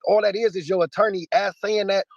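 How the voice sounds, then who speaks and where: A man's voice: sits high, fairly even intonation, brisk, creaky, no room sound, lo-fi sound. A man speaking in a heated interview, combative, emphatic and profane. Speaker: battle rapper interviewee.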